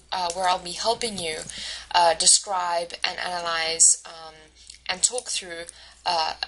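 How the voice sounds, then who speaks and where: A woman instructor explaining an assignment step by step, often pausing with ums and uhs. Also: medium pitch, bright, forceful tone, poor audio. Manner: hesitant, many ums and uhs. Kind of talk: recorded lecture walkthrough.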